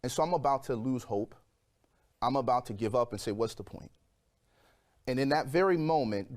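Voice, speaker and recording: A man in his forties, a guest telling his personal story in an interview, lively and acting out the voices of people in it. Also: medium pitch. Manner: animated storyteller, acts out quoted voices.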